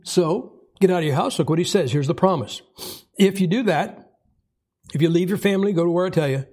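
Male preacher, higher-pitched voice, folksy conversational sermon delivery. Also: brisk, a little mellow. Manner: folksy, conversational, acts out quotes with rising pitch.

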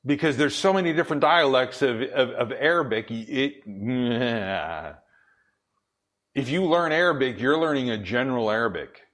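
A pastor from the Pacific Northwest delivers a conversational sermon in a church where the congregation laughs, reading scripture aloud and posing questions he then answers himself. His voice sits at a medium pitch with a fairly bright tone.

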